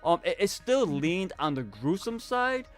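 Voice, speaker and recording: A man's voice: high voice, big pitch swings, measured pace, faint music behind. A man co-hosting a live horror movie review, talking casually and rambling with many restarts. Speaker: co-host of a horror review show.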